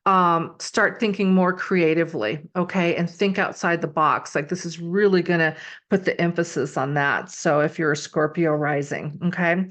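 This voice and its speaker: A woman's voice: medium pitch, fairly bright tone. A woman giving casual astrology readings to her viewers, chatty and full of fillers, often checking in with "okay?". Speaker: astrology YouTuber. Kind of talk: casual horoscope talk to camera.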